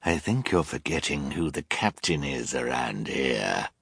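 A man's voice: extremely low pitch, lively intonation, measured pace, gravelly, a bit bright, husky, no echo, studio quality, voice pushed down, heavily acted. A male audiobook narrator voicing a boastful, scheming villainous man who growls and sneers. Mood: sneering. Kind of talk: audiobook character voice.

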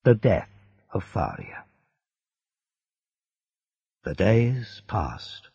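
Slow gravelly man reading a story. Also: low voice, huge pitch swings, dark tone. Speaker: audiobook narrator. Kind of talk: scripted narration of a graded reader. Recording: dull lo-fi dry recording.

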